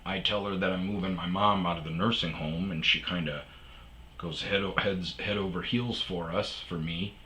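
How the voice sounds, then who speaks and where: A middle-aged man with a very low, forceful voice hosts his own storytelling show and rambles through a personal tale. He restarts sentences often and leans on fillers. When he quotes other people he acts them out loudly, then sinks back to a low, quiet mutter. A faint hiss sits behind him. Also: steady tone, normal speed. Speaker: podcast host.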